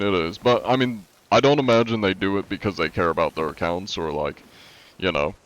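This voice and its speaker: A man's voice: sits low, poor audio. A young man streaming live, chatting casually and answering chat with a laid-back, rambling manner, his nose congested from allergies.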